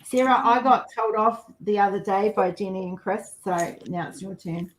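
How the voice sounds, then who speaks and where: A woman's voice: mid-range voice, moderate pace, rough recording. A woman chatting frankly on a livestream and laughing easily. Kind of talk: casual livestream chat.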